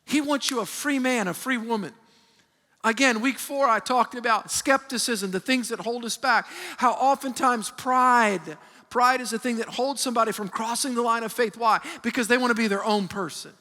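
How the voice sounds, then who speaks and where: A man preaching a sermon as pastor, animated and emphatic, often restarting his sentences. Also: extremely high pitch, moderate pace. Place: large church hall. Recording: long hall reverb.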